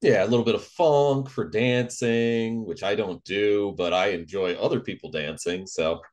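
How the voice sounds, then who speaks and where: A man's voice: lowish voice, moderate pace, a little mellow. A man co-hosting a podcast in casual chat, laid-back with dry humor and frequent laughs. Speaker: podcast co-host.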